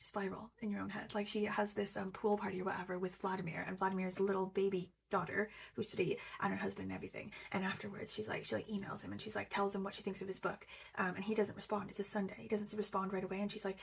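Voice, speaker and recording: A woman's voice: mid-range voice, little pitch movement, fast, gravelly, a little hiss or hum. A woman chatting casually about books in a vlog, rambling with lots of likes and ums. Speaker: booktuber. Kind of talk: casual book vlog chat.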